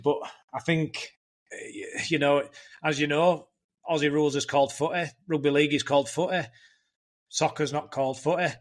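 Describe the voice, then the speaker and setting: A man with a Yorkshire accent, a podcast guest chatting in a relaxed way and often restarting his sentences. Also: fairly high pitch. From England. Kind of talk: casual chat. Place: Gold Coast, Queensland.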